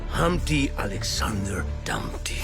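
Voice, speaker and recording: A man voicing a bold, swashbuckling male cat outlaw in an animated film trailer, speaking slowly and dramatically. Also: on the low side, creaky, exaggerated voice. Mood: dramatic. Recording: trailer clip over loud music.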